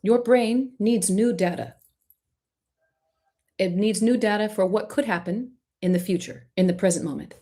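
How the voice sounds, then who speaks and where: A woman's voice: mid-range voice, normal speed. Impassioned woman coaching artists live. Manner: emphatic, impassioned, direct; warmly encouraging to the questioner. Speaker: art coach and live-stream host.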